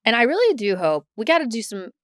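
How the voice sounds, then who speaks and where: A woman in her thirties hosts a casual chat in a smooth, clear voice, rambling and leaning on "like" between thoughts. She is miked close and dry. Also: fairly high pitch, very animated, fast talker, no room sound. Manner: rambling, heavy use of "like". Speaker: co-host.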